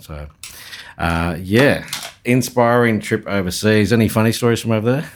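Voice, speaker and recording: A man hosts a relaxed podcast, talking in a loose, chatty way full of "you know" and small restarts. His voice is low, and he jokes easily with his guest. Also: brisk. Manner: chatty, joking, hesitant fillers. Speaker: podcast host. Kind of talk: casual interview chat.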